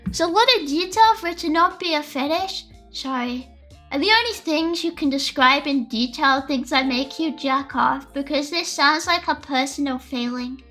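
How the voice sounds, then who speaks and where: A young woman chats with her stream audience in a high, bright, sharp voice. She rambles and spirals into theatrical, exaggerated complaints. Faint lofi music plays quietly underneath. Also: normal speed. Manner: rambling, melodramatic ranting to chat. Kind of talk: casual livestream chat.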